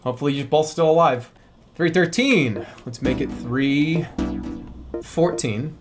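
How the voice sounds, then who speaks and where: A man's voice: a little high, expressive, measured pace, music in the background. A man streaming a video game, joking and repeating himself as he talks back to it. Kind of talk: casual live-stream commentary.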